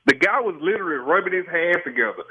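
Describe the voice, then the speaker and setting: A man's voice: high-pitched, lively intonation, quick pace, breathy edge, phone-quality sound. A man from Georgia with a Southern accent, a caller questioning the hosts on a talk radio show. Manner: questioning, laughs, stumbles. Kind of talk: call-in radio.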